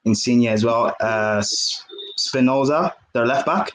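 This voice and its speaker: A man's voice: medium pitch, a little slow, a bit bright, roomy sound, rough recording. A man calling into a football show, giving blunt, opinionated match analysis. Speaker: caller.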